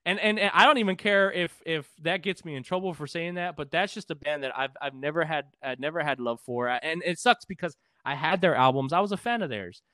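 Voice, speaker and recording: A man's voice: fairly high pitch, a little fast, hardly any pauses, bright, forceful tone, dry recording, clean studio sound. A man from Texas, a podcast guest and musician, telling a story casually, profane and rambling with frequent restarts. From San Antonio, Texas.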